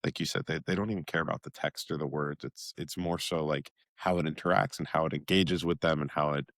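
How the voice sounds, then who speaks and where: A man's voice: very deep voice, fairly even intonation, quick pace, a bit bright, no echo, clean studio sound. A man hosting a podcast interview, chatting in a friendly, easygoing way. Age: adult with children. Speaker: podcast host. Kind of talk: casual interview talk.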